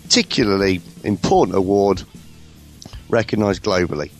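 A man from the UK co-hosting a comedy podcast, his voice swooping over a wide, lively range. He rambles along in a cheeky, casual banter, with faint music in the background. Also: low voice, moderate pace. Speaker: podcast co-host.

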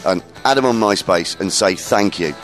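Chatty man hosting radio, lowish voice. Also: moderate pace, fairly bright tone, soft background music. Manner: chatty and enthusiastic, rambling with restarts. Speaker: radio show host. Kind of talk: casual radio chat.

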